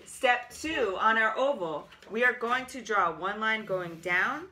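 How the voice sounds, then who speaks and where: A woman teaching a children's art lesson, explaining each step gently and praising as she goes. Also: fairly high pitch, lively intonation, a little slow.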